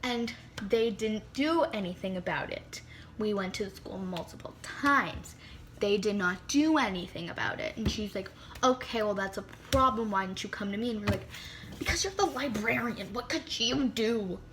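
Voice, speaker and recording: A woman's voice: mid-range voice, normal speed, a bit bright, a little hiss or hum. A teenage girl telling a storytime vlog in casual chat, full of "like" and dramatic whispered asides. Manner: chatty, heavy use of "like", dramatic asides and whispered comments. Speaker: vlogger. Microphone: phone.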